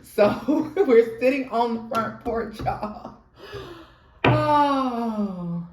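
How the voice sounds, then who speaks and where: A young woman telling her own ghost story in an animated, chatty way, talking straight to viewers and laughing often. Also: a little high, very slow, background noise. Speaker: tarot reader and storyteller. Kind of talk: casual storytime vlog. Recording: roomy echo.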